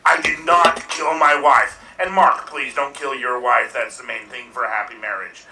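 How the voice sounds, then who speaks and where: A man doing an improv impression of a stoned, grumpy older film actor giving a rambling, deadpan best man speech. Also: mid-range voice, normal speed, faint music behind. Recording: roomy distant mic.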